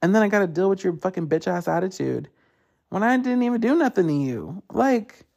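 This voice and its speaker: Gravelly-voiced man ranting casually. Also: sits high, a little fast. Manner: animated, profane storytelling; acts out others in quotes. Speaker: podcast host. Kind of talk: casual solo rant.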